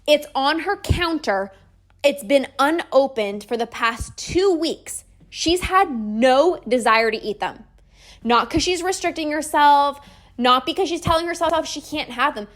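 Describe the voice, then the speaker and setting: With upbeat enthusiasm and a constant stream of "like," a binge-eating coach uses her podcast to promote her program in a monologue. Her voice sits a touch higher than most women's, and the tone is easygoing and persuasive, not scripted.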